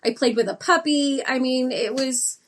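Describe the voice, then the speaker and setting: A woman's voice: sits high, normal speed. A woman guest on a podcast, telling a shared story in a casual, earnest way and finishing her co-guest's sentences.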